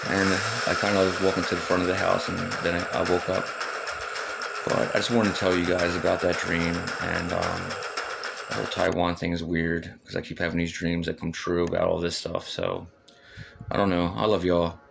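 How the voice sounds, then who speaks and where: A man's voice: deep voice, moderate pace, vocal fry, very noisy. A man in his thirties, shaken and upset, rambling through a retelling of a dream with many ums and restarts. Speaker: vlogger recounting a dream. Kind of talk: casual spoken storytelling.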